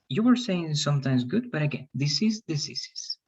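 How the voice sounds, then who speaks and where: A teacher giving feedback and pronunciation drills in an online English class, patiently repeating words slowly. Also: medium pitch, lively intonation, a little mellow, slightly rough, muffled recording.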